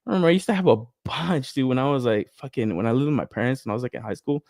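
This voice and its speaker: A man's voice: mid-range voice, rapid-fire, dry recording, studio quality. A young man hosting a collector podcast in casual chat, swearing freely, laughing often and getting worked up as he tells stories and reads chat messages. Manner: profane, laughs often, excitable storytelling. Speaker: podcast host reading live chat.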